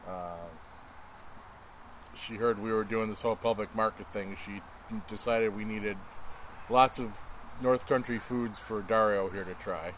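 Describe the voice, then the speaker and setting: A man's voice: on the low side, fairly even intonation, measured pace, long pauses, a bit bright, slight background noise, poor audio. A man from northern New York, a guest podcaster in casual chat, joking and laughing often, recorded outdoors at a public market.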